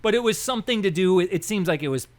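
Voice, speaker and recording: A young man co-hosting a casual podcast, his voice sitting a little high for a man. He rambles and restarts as he goes, and he acts out the people in his stories with lively quoted dialogue. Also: quick pace. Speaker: podcast co-host. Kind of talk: casual political chat.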